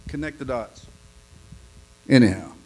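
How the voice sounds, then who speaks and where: A man preaching in a folksy, joke-telling sermon style, stammering and repeating himself, swinging from quiet asides to loud punchlines. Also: medium pitch, expressive, unhurried. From lives in Oklahoma.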